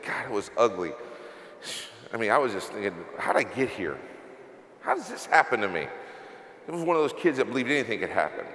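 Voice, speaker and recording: A man's voice: lowish voice, fairly bright tone, a little hiss or hum. A middle-aged man, a company CEO, giving an emotional, confessional motivational speech from a stage. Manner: confessional, earnest, emotional storytelling. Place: large event hall. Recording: echoey hall with long reverb.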